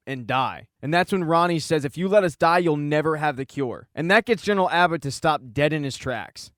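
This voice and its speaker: A man hosting his channel, telling a TV episode recap as scripted narration in a brisk storytelling way. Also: fairly high pitch, a bit bright, no echo, studio quality. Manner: brisk storytelling, reading quoted dialogue in his own voice. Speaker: channel host.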